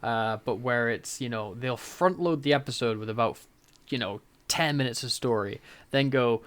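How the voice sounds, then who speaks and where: A man's voice: mid-range voice, moderate pace, fairly bright tone. Chatty man co-hosting a podcast. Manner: chatty, laughs often, mimics lines in quotes. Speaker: podcast co-host. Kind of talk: casual chat.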